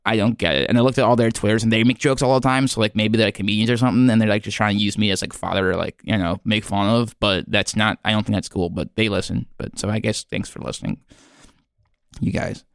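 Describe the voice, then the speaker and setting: A man hosting a podcast in a rambling comedic monologue, halting and earnest, full of fillers and restarts, sounding self-doubting. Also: lowish voice, steady tone, vocal fry, clear, resonant tone, dry recording, clean studio sound. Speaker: podcast host.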